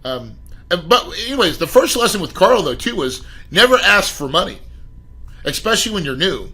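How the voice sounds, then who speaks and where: A middle-aged man, a podcast guest, telling his life story in an emphatic, animated way and addressing the host directly. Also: high-pitched, moderate pace, slightly rough, rough recording. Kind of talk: storytelling interview.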